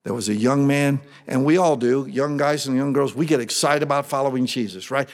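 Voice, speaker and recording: In an animated sermon, a male pastor often mimics eager voices with sudden jumps in pitch. He speaks a little fast, hardly pausing.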